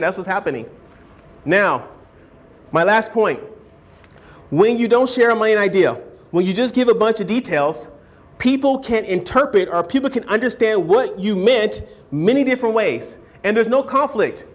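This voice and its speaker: A man teaching a writing class, animated, often asking students whether they follow and acting out hedging speakers. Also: normal speed. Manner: animated, keeps checking understanding with questions; acts out hedging speakers in a higher voice. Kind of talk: classroom lecture.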